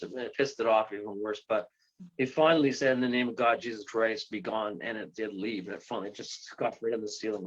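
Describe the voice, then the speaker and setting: A man of ordinary pitch tells a long story as an interview guest. He rambles, restarts his sentences and breaks into excited exclamations. The recording sounds dull and lo-fi. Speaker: guest, ghost tour guide and paranormal investigator.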